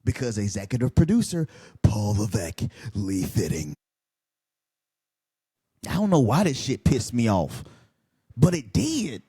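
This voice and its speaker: A man's voice: mid-range voice, sing-song, unhurried, long pauses, dark tone, slightly rough. A man ranting heatedly in a casual commentary video, swearing and repeating himself as he rambles. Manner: heated, profane, rambling and repetitive. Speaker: wrestling commentary vlogger.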